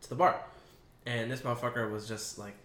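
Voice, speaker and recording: Bright-voiced young man, laughing and swearing. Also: mid-range voice, fairly even intonation, fairly quick, roomy sound. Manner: laughing, profane, loud impressions. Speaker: friend in conversation. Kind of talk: casual chat among friends.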